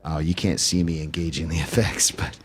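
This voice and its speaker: A man's voice: a bass voice, steady tone, brisk, noisy background. A male live-looping musician walking through his gear in a loose, self-correcting way while he plays. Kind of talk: casual gear demo. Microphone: vocal stage mic.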